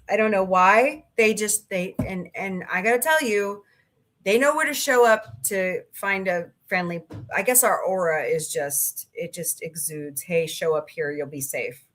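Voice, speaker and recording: A middle-aged woman hosting a livestream, chatting casually with viewers and telling rambling stories with mild swearing. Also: medium pitch. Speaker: livestream host. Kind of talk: casual chat reading viewer comments.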